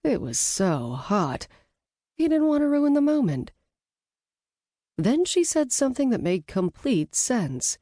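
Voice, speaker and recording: A woman reading an audiobook in a measured, even storytelling manner, close to the mic. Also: on the high side, dry recording. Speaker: audiobook narrator. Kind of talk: scripted audiobook narration.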